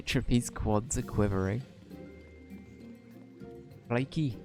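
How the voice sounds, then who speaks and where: A man's voice: mid-range voice, extremely slow, a little mellow, soft background music. A man streaming a game, giving casual, joking commentary and laughing at himself. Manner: joking, laughs at his own lines. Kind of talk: casual let's-play commentary.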